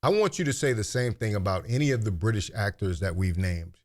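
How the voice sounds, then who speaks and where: A man's voice: lowish voice, lively intonation, brisk. Fel betogende Amerikaanse commentator, man. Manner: pointed, rhetorical, lecturing. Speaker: commentary host. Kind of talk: argumentative commentary.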